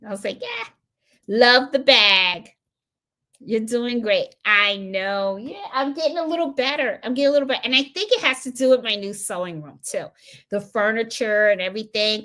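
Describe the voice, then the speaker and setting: A Puerto Rican woman hosts a live stream on her embroidery channel, chatting casually as she greets viewers and reads out their comments. Her mid-range voice sounds pushed and bright, and she fills her talk with fillers and repeats.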